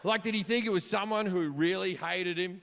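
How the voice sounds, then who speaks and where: A man doing stand-up storytelling, swearing freely and shouting his punchlines, recorded live on a theater stage. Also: high-pitched, normal speed, creaky, slight background noise. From Australia. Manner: profane, animated, shouts punchlines. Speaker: stand-up comedian. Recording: live hall reverb, audience ambience.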